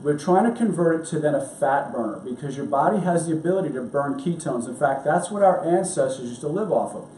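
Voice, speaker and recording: A man's voice: on the high side, animated, fairly quick, hardly any pauses, dark tone, far from the mic, a little hiss or hum. Chatty man in an echoey kitchen. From New York. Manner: chatty, rambling, upbeat. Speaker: doctor hosting a health show. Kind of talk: casual cooking and health talk. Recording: echoey room, voice off-mic.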